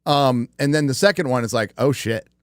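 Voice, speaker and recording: A man's voice: medium pitch, lively intonation, brisk, clear, resonant tone, no echo, studio quality. A man hosting a casual live-stream chat, rambling and profane, with lots of fillers and restarts. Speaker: podcast host.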